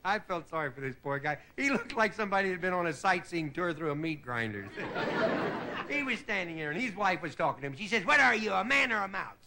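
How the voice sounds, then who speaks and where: A man hosting a TV variety show, delivering a stand-up monologue. He chuckles at his own jokes and slips into quick voices for the people in them. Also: on the high side, big pitch swings. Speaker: comedian host. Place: TV studio stage before a live audience. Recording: loud hiss on a 1960s TV broadcast.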